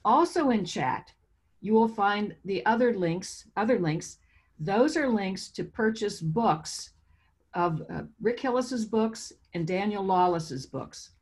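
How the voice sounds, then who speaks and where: A woman's voice: mid-range voice, animated, takes it slowly, darkish tone, husky. Woman hosting an online poetry reading. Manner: chatty and informal, reading out event details. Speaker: bookstore owner hosting a reading. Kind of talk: introducing a virtual poetry reading. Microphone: video call.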